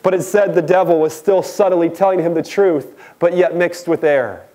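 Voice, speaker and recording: A male pastor preaching a sermon, asking the congregation questions and dropping low and slow on key words. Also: mellow. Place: church sanctuary.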